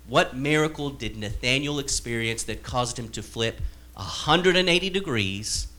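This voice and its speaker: Man, pastor, conversational sermon, bright forceful voice, sarcastic acted-out quotes. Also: medium pitch, expressive, normal speed.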